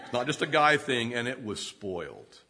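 A man's voice: mid-range voice, sing-song, normal speed, sharp tone. A man in his fifties preaching a sermon, telling humorous self-deprecating stories and often laughing mid-sentence. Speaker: pastor.

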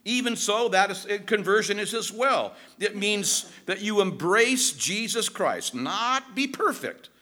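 A man preaching a sermon, emphatic and animated, often dropping his voice low for key words. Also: unhurried, few pauses. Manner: emphatic, animated preaching with dramatic drops in pitch. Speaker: pastor.

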